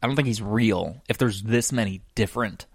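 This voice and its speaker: A man's voice: fairly low pitch, a little fast, no room sound, clean studio sound. A young man co-hosting a casual podcast, telling childhood stories and acting out the people in them. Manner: animated storyteller acting out quoted voices. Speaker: podcast co-host. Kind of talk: casual chat.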